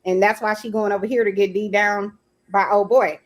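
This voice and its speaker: A woman's voice: mid-range voice, flat delivery, normal speed. A woman hosting a casual live-streamed talk show, arguing her point and greeting viewers by name. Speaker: host. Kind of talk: casual podcast debate.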